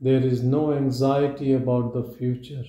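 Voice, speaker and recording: A man giving a meditative spiritual talk at a live gathering, in slow, measured short statements with long pauses. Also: medium pitch, flat delivery, mellow, highs cut off. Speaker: spiritual teacher. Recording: roomy echo.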